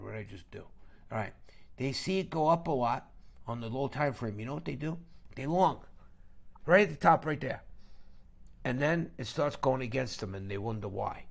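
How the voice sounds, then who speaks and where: A man with a creaky, gravelly voice at an ordinary pitch hosts a live trading stream. He lectures bluntly and with scorn, pressing each point home and checking in with a questioning "okay?". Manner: emphatic, lecturing, keeps asking "okay?".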